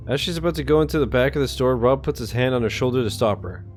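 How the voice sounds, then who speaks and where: A man's voice: medium pitch, quick pace. A male streamer reading a visual novel aloud steadily, with occasional hesitations.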